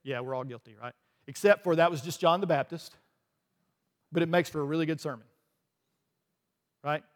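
A pastor preaching a lively sermon in a church, with rhetorical questions, asides and small laughs. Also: male voice, a little high, moderate pace, pauses often. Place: church sanctuary. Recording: long hall reverb.

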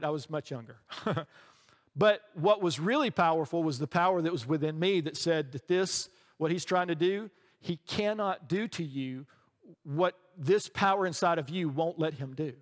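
A middle-aged male pastor preaching in a church sanctuary, his fairly high voice ringing with a long hall reverb. He tells stories in a loose, conversational way and keeps checking in with his listeners. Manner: conversational storytelling, often checks in with "right?". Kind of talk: sermon.

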